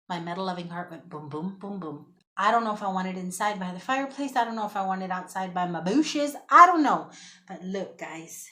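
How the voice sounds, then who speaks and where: Chatty, excitable woman vlogger. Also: mid-range voice, a little hiss or hum. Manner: chatty and excitable, talks to viewers as y'all. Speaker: thrift haul vlogger. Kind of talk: casual chat to camera.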